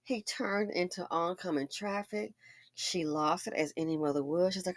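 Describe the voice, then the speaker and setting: A woman giving casual commentary on a news story, animated and talking straight to her viewers. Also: on the low side, fairly quick. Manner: animated, addresses viewers directly.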